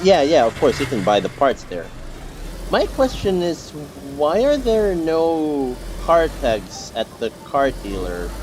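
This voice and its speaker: A young man streaming a game, chatting casually with teammates, rambling and repeating himself with lots of fillers and restarts. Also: fairly high pitch. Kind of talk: casual gameplay chat with teammates.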